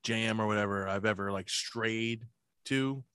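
A man co-hosting a podcast in loose, profane chat, spinning stories and leaping into a higher voice whenever he quotes someone. His voice is recorded close and dry, with no room sound around it. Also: measured pace, bright, forceful tone, clear, resonant tone, no echo. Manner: profane storytelling, acts out quoted people in a raised voice. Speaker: podcast co-host. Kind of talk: casual chat.

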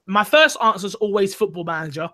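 A man's voice: high-pitched, lively intonation, fast, pushed and bright. A young man hosting a gaming podcast, chatty and rambling in a casual way. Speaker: podcast host.

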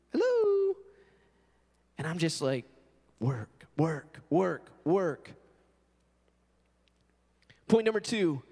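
A male pastor preaching a sermon in an animated way, acting out quotes. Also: sits high, long reverb tail.

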